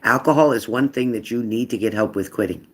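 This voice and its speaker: A man's voice: mid-range voice, a little fast. A man hosting a tarot live stream in a casual, chatty way, reading out viewer comments and answering them earnestly.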